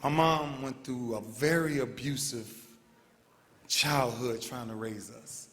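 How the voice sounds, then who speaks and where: A man's voice: medium pitch, takes it slowly, fairly bright tone. A man in his thirties giving an emotional, heartfelt banquet speech, repeating his phrases with earnest feeling. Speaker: award speaker. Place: large banquet hall. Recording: long hall reverb.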